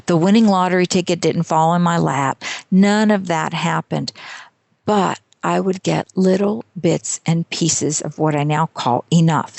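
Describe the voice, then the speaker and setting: Gravelly-voiced woman telling stories. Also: on the low side, dry recording. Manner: animated storyteller who laughs often and acts out quotes. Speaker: author and speaker, podcast guest. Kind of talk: storytelling interview talk.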